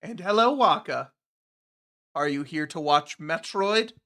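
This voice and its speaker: A bright, fairly high-voiced man talking to his audience during a gameplay livestream. He rambles casually and slides into sarcastic, exasperated grumbling, with his pitch climbing when something annoys him. It sounds like a desk mic at a home streaming setup. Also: expressive, unhurried. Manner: chatty, sarcastic, exasperated complaining about the game.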